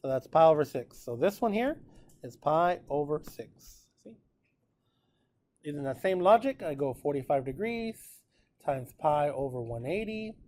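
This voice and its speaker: A man teaching a precalculus class in a relaxed, chatty way, often checking in with his students. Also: on the high side, measured pace. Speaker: math teacher. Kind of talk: classroom lecture recorded with notes.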